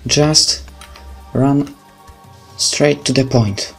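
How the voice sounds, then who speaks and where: Speaking extremely slowly with long pauses, a medium-pitched man with a Polish accent comments on his gameplay over faint game music. This gaming video creator swears heavily and vents in angry, sarcastic outbursts.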